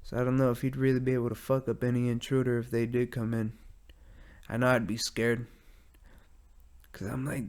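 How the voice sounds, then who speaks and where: A man's voice: medium pitch, level tone, a little fast, pauses often, darkish tone. A young adult man, hosting a rambling, profane solo podcast from his garage. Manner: rambling, profane, laid-back. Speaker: podcast host. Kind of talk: casual solo podcast monologue. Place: home garage.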